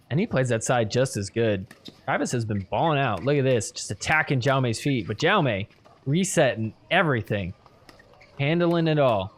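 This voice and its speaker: A man hosting a podcast, casually talking through match replays play by play and getting excited at big points. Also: mid-range voice. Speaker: podcast host recapping matches. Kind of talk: play-by-play video recap commentary.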